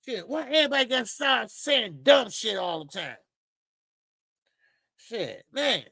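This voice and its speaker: Male host with a high, raspy voice, emphatic slangy boxing rant, dry room. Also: sing-song, unhurried, bright, forceful tone, no room sound. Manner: emphatic, repetitive, slangy, calls listeners "baby". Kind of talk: animated boxing commentary rant.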